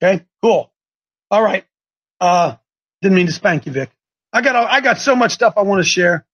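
A man hosting a live call-in show, talking in an excitable, preachy, rambling way. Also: sits high, moderate pace, poor audio.

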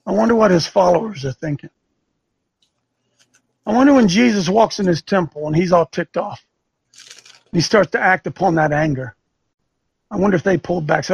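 A man with a strikingly high, gravelly voice hosts a talk show, firing off combative rhetorical questions in a preachy tone. His voice is husky and the sound is close and dry. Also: moderate pace, pauses often, dry recording. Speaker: talk show host and coach. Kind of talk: fiery commentary with a call-in feel.

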